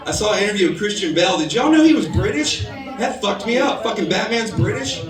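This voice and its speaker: A man works a bar crowd with a stand-up set, drifting from bit to bit with fillers and crude punchlines. His voice sits a little high and comes from some way off the mic. The room rings around him while the crowd murmurs and laughs behind. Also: animated, fairly quick. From United States. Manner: loose, rambling delivery with filler words and crude punchlines. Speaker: stand-up comedian. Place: bar stage before a live audience. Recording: roomy bar recording from a distance, crowd heard.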